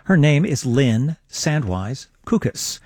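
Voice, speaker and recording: A man on the radio urging listeners to become members, speaking in an earnest, persuasive way. His voice is of middling pitch. The recording is close and dry, with no room sound. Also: very animated, slow, darkish tone, husky, no room sound. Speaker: radio co-host. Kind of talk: on-air fundraising appeal. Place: radio studio. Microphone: studio microphone.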